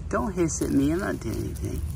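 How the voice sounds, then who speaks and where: A young man with a casual, excited manner narrates an outdoor reptile-spotting vlog in a park, often talking softly to the animals. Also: on the high side, brisk. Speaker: reptile vlogger. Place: outdoors in a state park and an alligator farm. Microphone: camera-mounted shotgun mic. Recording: outdoor recording with clear background noise.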